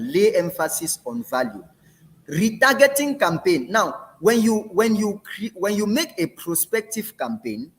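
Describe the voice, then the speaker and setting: A man teaching a training session, talking conversationally and repeating phrases for emphasis. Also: fairly high pitch.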